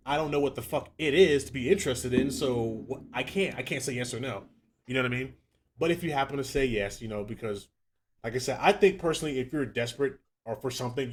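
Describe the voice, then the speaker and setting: A young man co-hosting a podcast, telling animated, profane stories in casual chat. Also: medium pitch, slight background noise. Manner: profane, fast, animated storytelling. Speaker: podcast co-host.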